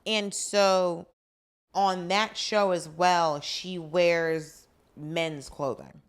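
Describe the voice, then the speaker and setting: A woman's voice: fairly low pitch, fairly even intonation, very slow, clear, resonant tone. A woman co-hosting a podcast, chatting casually about a drama and quoting the characters. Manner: chatty, adds details and quotes characters. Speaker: podcast co-host. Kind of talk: casual chat recapping a drama.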